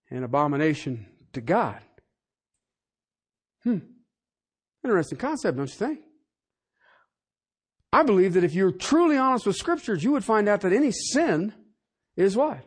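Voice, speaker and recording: A pastor delivers a sermon in a high, lively voice that leaps up and down in pitch. He preaches in a folksy, colloquial way, asking rhetorical questions and rising to shouts before dropping to hushed remarks. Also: slightly rough.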